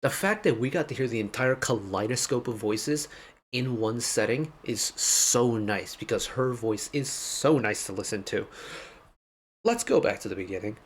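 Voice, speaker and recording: A man's voice: mid-range voice, normal speed, slightly rough. A man hosting a music reaction video, giving an enthusiastic, detailed breakdown of a song in a casual way.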